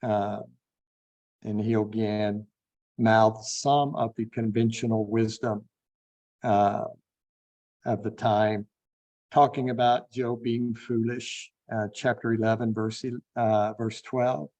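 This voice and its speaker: A man teaching a Bible class, unhurried and thinking aloud with frequent fillers. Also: lowish voice, flat delivery, a little mellow, dull audio. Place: online classroom.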